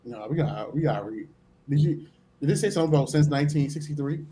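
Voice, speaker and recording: A man's voice: fairly high pitch, fast talker, mellow, a little hiss or hum, poor audio. A man co-hosting a live stream, chatting playfully about football with slangy, emphatic remarks. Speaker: podcast co-host. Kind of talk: casual live-stream sports chat.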